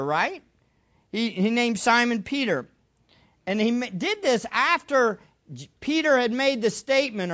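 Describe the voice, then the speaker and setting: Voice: medium pitch, a bit bright, dull audio. A preacher giving a sermon in an emphatic way, repeating key phrases and asking the listeners rhetorical questions.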